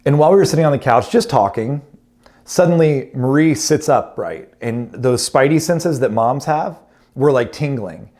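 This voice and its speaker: A man's voice: mid-range voice, lively intonation, moderate pace, a little mellow. A man in his thirties, a pastor telling a family story in a sermon with humorous, self-deprecating asides.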